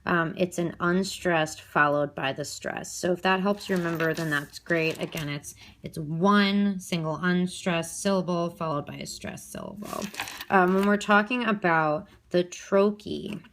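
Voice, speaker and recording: Woman teacher with a lower voice. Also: lively intonation, moderate pace, few pauses, a bit bright, a little hiss or hum. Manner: explanatory, many fillers, checks in with "okay?". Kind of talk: recorded review lesson.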